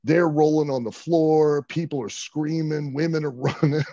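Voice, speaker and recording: A man's voice: fairly high pitch, steady tone, normal speed, warm tone, no echo, dull audio. A man, a show guest, telling a long road story in casual chat and acting out the quotes with animation.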